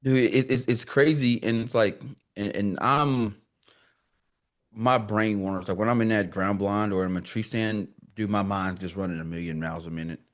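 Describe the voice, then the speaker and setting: A man's voice: on the low side, normal speed. A man talking as a guest on a podcast in a laid-back, slangy way, telling stories animatedly. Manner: animated storyteller who acts out quoted dialogue. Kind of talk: casual podcast conversation.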